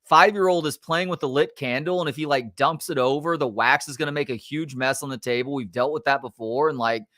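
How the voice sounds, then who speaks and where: A middle-aged man, a sports talk show host, telling a story in a casual, animated and exasperated way, swearing now and then. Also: mid-range voice, brisk, no echo, clean studio sound.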